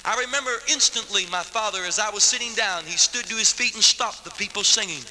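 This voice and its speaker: A man with a high, very bright, cutting voice tells his testimony as a dramatic sermon. He delivers his story with vivid street slang, and his voice rings out through a long hall reverb with faint noise behind it. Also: fairly quick. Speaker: evangelist giving his testimony.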